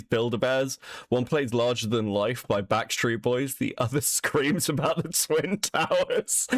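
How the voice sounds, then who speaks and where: A man's voice: mid-range voice, a bit bright, no echo. A man hosting a livestream, reacting crudely and laughing a lot, on a close mic. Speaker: stream host.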